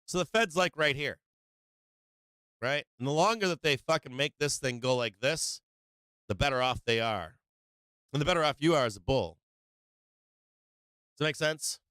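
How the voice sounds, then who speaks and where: A male stock market show host talking brash, profane, emphatic market commentary on a live stream, moving between loud emphasis and low, quieter explaining. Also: animated, normal speed, pauses often, smooth, dry recording.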